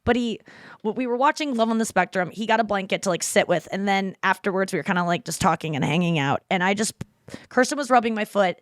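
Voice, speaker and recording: A woman hosting a podcast in casual chat, telling stories with lively acted-out voices. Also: mid-range voice, fast talker, dry recording, clean studio sound. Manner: animated storytelling, acts out voices. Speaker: podcast host.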